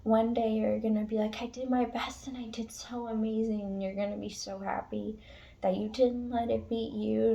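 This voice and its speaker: Gravelly-voiced woman giving a frank pep talk. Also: mid-range voice, dark tone. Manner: frank, emotional, swears casually. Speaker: tarot reader. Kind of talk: casual spiritual pep talk to viewers.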